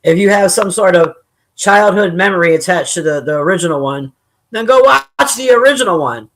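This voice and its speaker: Reading the chat during a casual stream, this streamer speaks a little fast in a medium-pitched, somewhat bright voice with lively intonation. Their take on things is blunt and opinionated, peppered with profanity, jokes, and frequent laughter.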